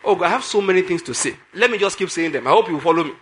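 A male preacher delivers a sermon in a high, bright, forceful voice, racing along with lively intonation. He's emphatic, returning again and again to repeated phrases and firing questions at the congregation.

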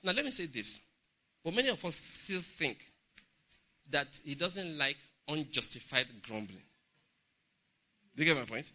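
A middle-aged man with a Nigerian English accent preaching a humorous, animated Bible study sermon in church. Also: on the high side. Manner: humorous, laughing, animated storytelling. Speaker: pastor.

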